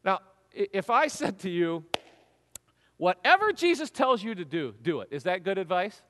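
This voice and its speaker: A man preaching a sermon, telling the story with lively, acted-out voices. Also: high voice, normal speed, big-room sound, a little hiss or hum. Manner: animated storytelling, acts out voices. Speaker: pastor.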